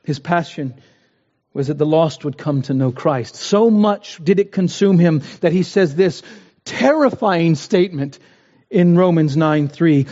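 A man with a high, mellow voice preaches a sermon with earnest conviction, his voice swelling at times into impassioned pleas. The sound is dull and lo-fi, with a long reverb trailing through a large hall. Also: animated, measured pace.

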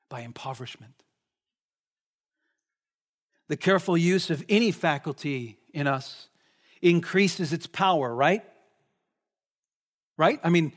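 A man preaching a sermon in a conversational way, often asking the listeners questions. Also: high-pitched. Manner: conversational, asks the congregation questions.

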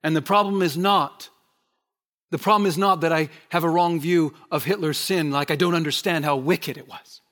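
A pastor preaching a sermon in a fairly high male voice. He drives his points home by repeating phrases, moving between loud emphasis and quiet, hushed lines. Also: normal speed.

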